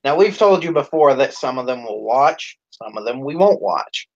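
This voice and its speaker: A man co-hosting a live stream, telling a profane, animated story in casual chat. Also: medium pitch, normal speed, highs cut off.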